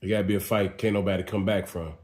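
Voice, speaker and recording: A man interviewing, asking quick reacting questions in casual talk. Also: low voice, flat delivery, a little mellow, reverberant.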